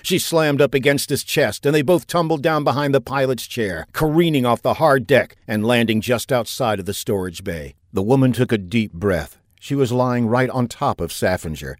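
Male audiobook narrator, even mid-range voice, dry booth sound. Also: mid-range voice, dry recording. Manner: measured, steady storytelling with action build-ups. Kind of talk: scripted narration.

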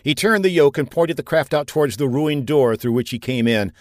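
Male audiobook narrator, even mid-range voice, dry booth sound. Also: medium pitch, dry recording. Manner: measured, steady storytelling with action build-ups. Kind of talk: scripted narration.

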